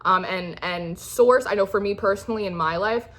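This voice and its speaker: A young woman gives a casual tarot reading in a medium-pitched voice at a moderate pace, reassuring and encouraging. She's chatty and rambling, full of fillers and restarts.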